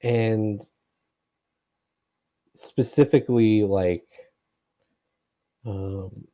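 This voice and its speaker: A man running a tabletop game as game master. He describes scenes in a relaxed way with many hesitations. His voice is low, dark and gravelly. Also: very slow.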